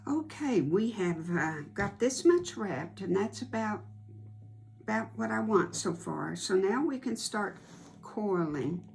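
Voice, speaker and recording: A woman giving an unhurried, homey step-by-step sewing tutorial as a quilting instructor. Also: medium pitch, gravelly, darkish tone.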